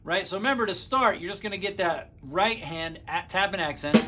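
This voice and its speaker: A man giving a casual drum lesson in a relaxed, easygoing way, full of fillers, counting strokes aloud as he plays. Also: high voice, brisk, over loud music. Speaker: drum teacher. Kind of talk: casual instructional talk. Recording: speech over loud drumming. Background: loud drum kit playing.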